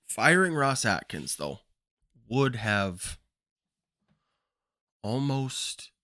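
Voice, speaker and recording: A man's voice: low-pitched, a bit bright, dry recording, clean studio sound. A man hosting a baseball podcast, giving casual opinionated commentary and thinking aloud with frequent ums. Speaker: podcast host.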